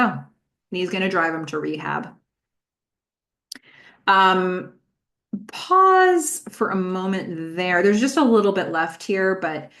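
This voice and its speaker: A woman's voice: mid-range voice, a bit bright. A woman hosting a rewatch podcast, recounting scenes in a conversational way with frequent filler words. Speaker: podcast host. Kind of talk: recap podcast commentary.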